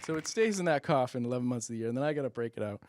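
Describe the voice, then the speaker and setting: A man's voice: medium pitch, lively intonation, racing, over a noisy crowd, very noisy. A middle-aged man hosting a stand-up comedy monologue, rambling with self-deprecating, muttered asides. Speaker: comedian host.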